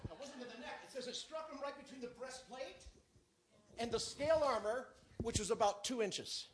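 A very high-pitched preacher tells a sermon story at a moderate pace, animatedly acting out its characters and moving between shouts and whispers. Crowd noise can be heard.

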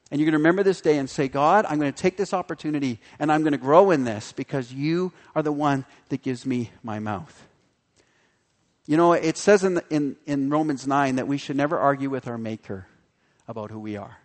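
A man preaching a sermon in a slightly high voice, animated and playful as he acts out the people in his story. His voice rings with the long reverb of a large hall. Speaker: pastor.

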